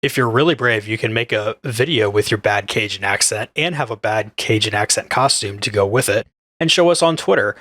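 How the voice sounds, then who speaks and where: A podcast co-host with a lowish voice that still has a bright, forceful edge. He jokes in a laid-back way, and the sound is dry and close. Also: a little fast, no echo. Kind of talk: casual podcast chat.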